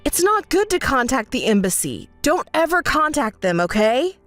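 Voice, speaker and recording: A woman's voice: high-pitched, very animated, moderate pace, a bit bright, no room sound, soft background music. A woman voicing an evasive young husband who keeps apologizing and making excuses. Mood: nervous. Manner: placating, apologetic.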